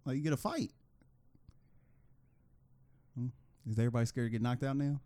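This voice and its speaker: A man co-hosting a podcast in casual chat, animated and acting out quoted reactions with bursts of laughter. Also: medium pitch, brisk. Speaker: podcast co-host.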